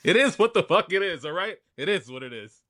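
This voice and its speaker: A man in his forties with a New York accent chats on a podcast, his pitch swinging widely as he jokes. His voice is bright and a touch high for a man. He laughs often and hammers his points through repetition. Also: big pitch swings, a little fast. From New York, family from Guyana. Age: 40s. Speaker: podcast co-host. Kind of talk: casual chat.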